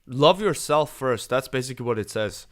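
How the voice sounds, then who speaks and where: A stand-up comedian co-hosting a casual podcast, talking in an animated way and often restarting his sentences. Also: medium pitch, moderate pace. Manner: chatty, animated, frequent restarts.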